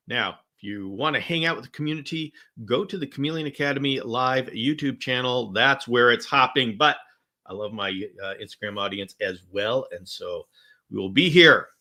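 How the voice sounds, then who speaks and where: A man hosting a casual live-stream Q&A, chatting and greeting viewers by name with bursts of excitement. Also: medium pitch. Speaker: host of a live chameleon Q&A.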